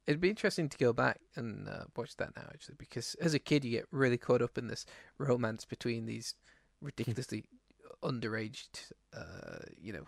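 A man's voice: mid-range voice, lively intonation, fairly quick, creaky, few pauses, no echo. A man co-hosting a casual podcast, rambling and self-deprecating, with lots of fillers. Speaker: podcast co-host. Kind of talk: casual chat.

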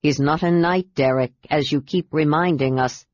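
A gentle male knight speaks softly, uneasy and pleading, voiced by a woman reading an audiobook. The recording is dull and dry. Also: deep voice, moderate pace, dry recording. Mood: worried. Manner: pleading, soft.

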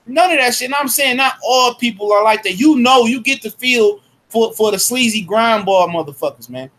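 A man's voice: very high-pitched, expressive, normal speed, fairly bright tone. A man talking bluntly in casual profane chat, tacking "man" onto his lines. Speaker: former fire marshal.

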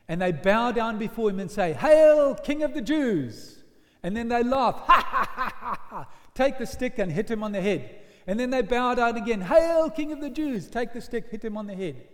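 High-voiced preacher in an echoing church. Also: male voice. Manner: animated storytelling, acts out voices. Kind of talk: sermon. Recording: long church hall reverb.

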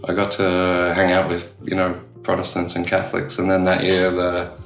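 A middle-aged man with an Australian accent, speaking with a gravelly, low voice in a casual interview. He rambles, restarting sentences and leaning on filler phrases. The room has a lot of echo. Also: monotone, moderate pace, soft background music. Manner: rambling, many "you know" fillers and restarts. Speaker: tattoo artist guest. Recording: echoey room.

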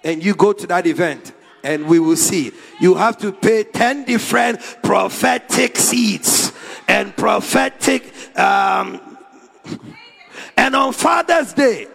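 Man, prophet preaching, husky voice, slow delivery, dramatic shouts and quiet asides. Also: high-pitched. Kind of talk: sermon. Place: large church hall. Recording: long hall reverb.

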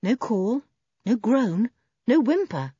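A woman reading a children's storybook aloud in an expressive, animated way. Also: on the high side, slow pace, breathy edge, no room sound, highs cut off. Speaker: audiobook narrator. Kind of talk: storybook narration.

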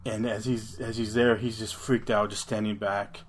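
A man with a fairly low voice spins a creepy story for his podcast co-host. He rambles along and swears freely, often backing up to restart a sentence. It sounds like casual chat between friends. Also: little pitch movement, moderate pace. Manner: rambling, profane retelling with frequent restarts.

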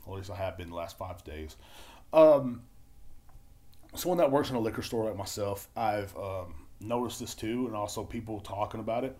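A man hosting his own podcast, ranting and rambling with constant swearing, shifting from loud outbursts to low mumbling. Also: moderate pace. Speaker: podcast host. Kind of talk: solo podcast rant.

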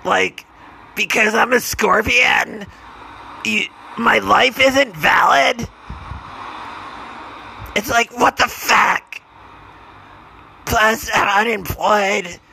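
A man's voice: sits high, very slow, creaky, pauses often, sharp tone, slight background noise, heavily acted, low-quality recording. A man voicing an unemployed, broke male scorpion who rants in a rambling, sweary way. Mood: aggrieved.

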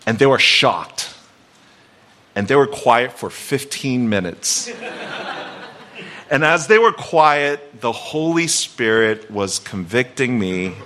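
A guest pastor in his forties preaches in a church sanctuary, giving a sermon built around a personal story. His medium-pitched voice is animated and a bit bright, and he takes it slowly with long pauses, sounding conversational and reflective with light self-deprecating humor.

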